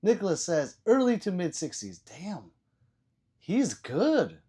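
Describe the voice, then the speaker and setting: A man's voice: high-pitched, huge pitch swings, takes it slowly, slightly rough. Profane rambling man hosting a livestream. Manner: profane, rambling, stammers and repeats words; loud swings between shouting and muttering. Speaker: livestream host. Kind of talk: livestream chat reading.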